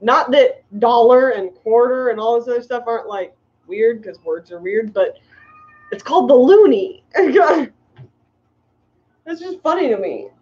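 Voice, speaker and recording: A middle-aged American woman hosting a fishkeeping livestream rambles cheerfully to viewers, giggling, stacking up likes, and reading comments. Her voice is a little high, animated, and a little slow, and the audio is muffled like a lo-fi stream.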